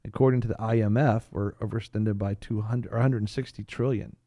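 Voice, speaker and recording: Mellow man telling rambling stories. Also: fairly low pitch, fast, dry recording. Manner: rambling, animated storytelling with restarts. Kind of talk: casual chat.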